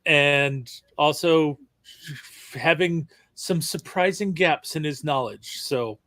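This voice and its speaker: A man co-hosting a casual live stream, talking in a halting way with repeated words and small chuckles. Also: fairly high pitch, sharp tone, no room sound. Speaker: stream co-host, writer.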